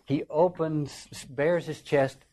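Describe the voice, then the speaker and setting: A man's voice: fairly high pitch, steady tone, slow, dark tone, rough recording. A man giving an informal lecture on a play, talking wryly and acting out the quotations. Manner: conversational, wry, acts out quotations. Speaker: literature lecturer.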